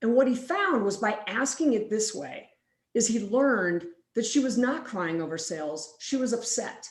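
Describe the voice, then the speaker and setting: A woman giving a conference keynote, telling a story lively and acting out both sides of a dialogue. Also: fairly high pitch, normal speed. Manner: lively, acts out quoted dialogue. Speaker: keynote speaker. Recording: roomy, echoey hall.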